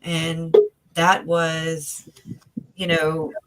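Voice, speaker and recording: A woman with a fairly low voice talks over a video call as an interview guest. She rambles earnestly and emotionally, circling back with fillers and restarts. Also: monotone, very slow, a bit bright, a little hiss or hum, low-quality recording. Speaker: interview guest, family member of the victims. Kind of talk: casual conversational interview.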